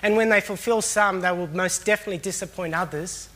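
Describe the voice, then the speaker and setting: A man's voice: high-pitched, quick pace, fairly bright tone, slight background noise. A man preaching a sermon in an earnest, reflective way, often repeating phrases for emphasis.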